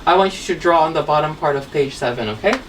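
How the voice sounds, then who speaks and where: Woman, English teacher, lowish voice, patient, spells letter by letter, distant mic, faint room noise. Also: fast talker. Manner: patient, spells words out letter by letter, ends lines with "okay?" and "right?". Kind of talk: classroom grammar lesson.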